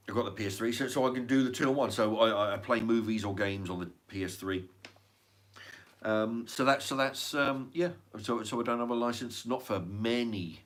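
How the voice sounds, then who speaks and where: An English man, middle-aged, ranting in a rambling casual monologue full of restarts and swearing. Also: medium pitch. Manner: rambling, swears a lot, many restarts and fillers. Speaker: channel host.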